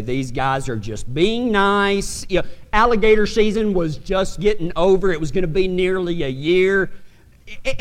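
Texan preacher guy spinning a funny yarn, kinda high voice, long hall echo. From West Texas. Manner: folksy, animated storytelling with voiced characters. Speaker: pastor. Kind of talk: storytelling sermon.

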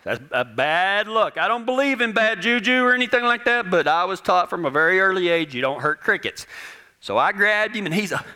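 A man with a fairly high voice spins a humorous personal anecdote. His delivery is animated and self-deprecating, with a folksy storyteller's ease. His tone rings bright and forward. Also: a little fast.

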